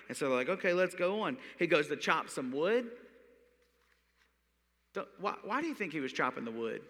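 A man preaching a conversational sermon to a congregation, chatty and animated, acting out quick bits of dialogue as he tells the story. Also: fairly high pitch. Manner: chatty, animated, acts out voices. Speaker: pastor. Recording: long hall reverb.

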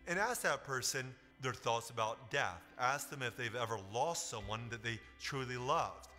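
A man calmly teaching listeners step by step how to share their faith. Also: mid-range voice. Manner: calm step-by-step instruction. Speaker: teacher of evangelism. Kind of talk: instructional sermon teaching. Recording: long hall reverb with faint music.

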